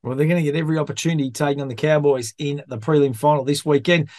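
A man's voice: a little high, fairly even intonation, rapid-fire, darkish tone, no echo, clean studio sound. An Australian man hosting a casual sports podcast, chatty and fond of telling yarns. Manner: chatty, storytelling, calls people mate. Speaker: podcast host.

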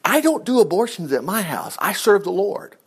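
A middle-aged man preaching an informal sermon, folksy and animated, with chuckling asides to the congregation. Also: sits high, normal speed, breathy edge. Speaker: pastor.

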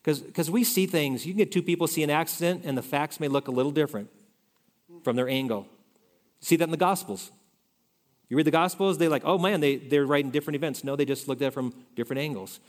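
A male pastor preaching a conversational sermon, shifting between loud emphasis and soft asides. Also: fairly high pitch, quick pace. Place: church sanctuary. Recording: reverberant hall.

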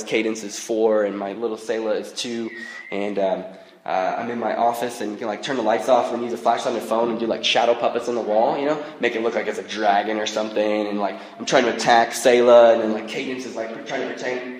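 A man in his thirties preaching a sermon in a relaxed, conversational way, joking and using frequent fillers. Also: medium pitch. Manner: conversational, self-deprecating humor, frequent fillers. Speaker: pastor. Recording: long reverb of a large hall.

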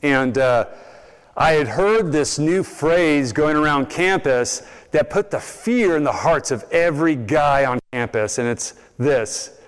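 A man's voice: on the high side, unhurried, clear, resonant tone. A young man preaching a sermon, telling stories and acting out the people he quotes. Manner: animated storytelling, acts out quoted voices. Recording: long reverb in a large hall.

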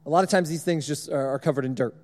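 A young man preaching, telling a personal story in an animated, self-mocking way to a congregation. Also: on the high side, quick pace, long reverb tail. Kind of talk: sermon storytelling.

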